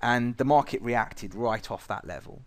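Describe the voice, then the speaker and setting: A man's voice: mid-range voice, moderate pace. A man teaching traders in a blunt, profane way, telling stories from his own trading. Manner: blunt and profane, lively storytelling. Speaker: trading educator. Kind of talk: recorded trading lesson with anecdotes.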